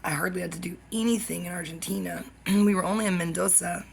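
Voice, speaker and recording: A woman's voice: lowish voice, steady tone, fast talker, vocal fry, low-quality recording. A woman YouTuber talking in a rambling, stream-of-consciousness monologue, jumping between topics and dropping into whispered asides.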